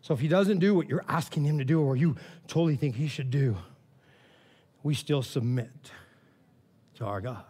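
A man preaching a sermon in a casual, animated storytelling way, often saying "man" and "all right", rising to loud, excited preaching. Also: a little high, moderate pace, long pauses, breathy edge. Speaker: pastor.

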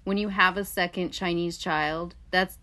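A woman's voice: on the low side, steady tone, a little slow, sharp tone. A woman hosting a casual podcast chat, teasing her guest with jokey interjections. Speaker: podcast host.

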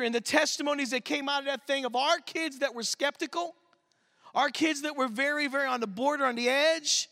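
Man, youth pastor, very high voice, sharp tone, animated church storyteller. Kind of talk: sermon storytelling. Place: church service.

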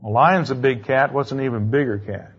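A man's voice: medium pitch, fairly quick, breathy edge, dull audio. A man giving a classroom lecture in a conversational way, quizzing his students with questions as he goes.

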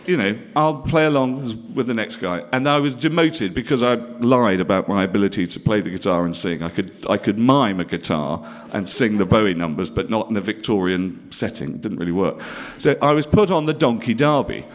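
A middle-aged man from northern England delivers a stand-up story in a dry, self-mocking way. His voice swings widely in pitch as he drops wry asides to the crowd. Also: lively intonation, a little fast, hardly any pauses. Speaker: comedian.

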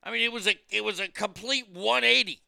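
A man's voice: high voice, a little fast, gravelly, sharp tone, no room sound, clean studio sound. A man hosting a podcast, delivering a blunt, profane, exasperated opinion rant. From United States.

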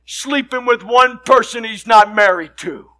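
A middle-aged man preaching a sermon, telling stories with passion and often shouting. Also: very high voice, a little slow. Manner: impassioned storytelling, frequently shouting.

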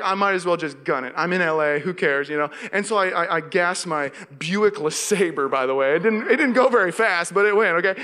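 Animated young pastor in a reverberant hall. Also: male voice, sits high. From Seattle area, USA. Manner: storytelling, animated, acts out his own panic. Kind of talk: sermon. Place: church hall. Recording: long reverb of a church hall.

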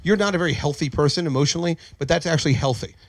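Man, podcast host, fast-talking, wry, casual chat, dry recording. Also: a little high, no room sound. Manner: wry, quick reactions and jokes.

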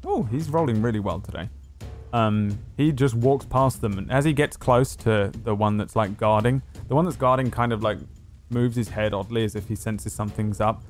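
A man's voice: fairly low pitch, moderate pace, faint music behind. A man narrating as game master of a tabletop game, rambling and hesitant with many fillers.

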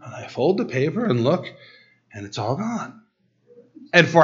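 Middle-aged guy preaching, storytelling, trips over his words and restarts a lot, kinda muffled lo-fi recording. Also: fairly high pitch. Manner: lively storyteller, stammering restarts, fast bursts. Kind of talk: sermon with a personal story. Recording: dull lo-fi recording.

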